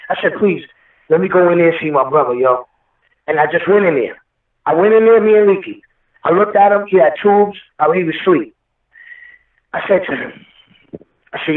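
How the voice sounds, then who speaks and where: A man's voice: high voice, normal speed. A man telling a long, emotional story in an interview, rambling and swearing often. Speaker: guest rapper. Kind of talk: storytelling interview over the phone. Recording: echoey, far-off phone line.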